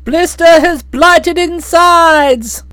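A woman's voice: high-pitched, slow, no echo. A woman reading an audiobook, voicing a blustering, hearty middle-aged aunt who talks in bluff, slangy outbursts. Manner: bluff, hot-tempered, slangy.

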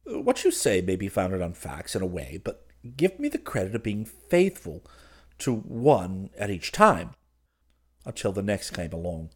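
A man's voice: deep voice, wildly swooping pitch, unhurried, full character voice. A man voicing a lovesick young male art student who pleads in a plaintive, rising voice. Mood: pleading. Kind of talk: audiobook character reading.

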